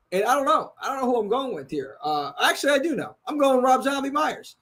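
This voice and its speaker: A man with a Brooklyn New York accent hosting a casual live horror chat, animated and joking, swearing freely. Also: very high-pitched, quick pace, hardly any pauses. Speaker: podcast host.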